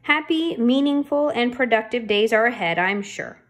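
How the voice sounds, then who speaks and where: A woman's voice: on the high side, lively intonation, normal speed, lightly acted. A woman voicing a pompous older male boss who makes grand, flowery speeches in a storybook reading. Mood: grandiose.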